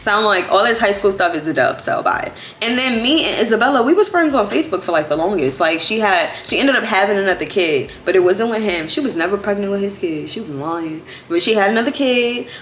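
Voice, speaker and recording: Young woman spilling the tea, lively up and down voice, echoey room. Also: mid-range voice, a little fast, hardly any pauses, a little hiss or hum. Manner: chatty, animated, full of "like". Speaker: vlogger. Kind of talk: casual storytime.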